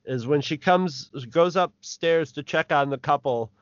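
Man, podcast co-host, smooth clear voice, rambling casual chat, dry dull lo-fi audio. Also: on the high side, measured pace, no room sound. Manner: rambling, laughs while talking. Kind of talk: casual film review chat.

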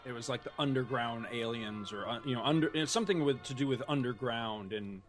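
A man's voice: medium pitch, brisk, faint music behind. A man co-hosting a casual podcast, rambling with lots of fillers and restarts and laughing easily. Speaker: podcast co-host.

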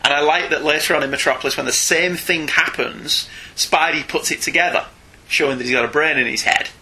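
A man co-hosting a casual comics podcast, animated and often laughing, with quick asides. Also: fairly high pitch. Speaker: podcast co-host. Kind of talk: casual chat about comics.

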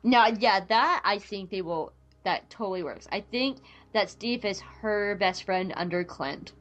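A woman hosting a podcast in casual chat, talking in an animated, rambling way with frequent restarts. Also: mid-range voice, measured pace, dull audio. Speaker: podcast host.

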